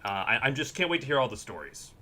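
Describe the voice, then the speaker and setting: A man's voice: medium pitch, sing-song, quick pace, pushed and bright. A man on a comedy panel who handles the tech, gushing in mock awe at the host.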